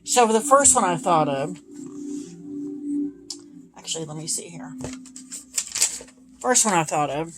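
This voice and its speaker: A woman's voice: on the low side, lively intonation, unhurried, long pauses, over music. A woman in her thirties chatting casually and gushing about her tarot decks, with many ums. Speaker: tarot deck reviewer. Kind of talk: casual chat. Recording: noisy home recording.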